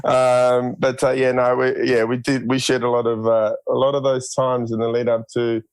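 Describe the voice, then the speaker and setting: Halting Australian man, flat delivery. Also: medium pitch, smooth, no echo. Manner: relaxed, halting with many fillers. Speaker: guest. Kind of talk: casual interview chat.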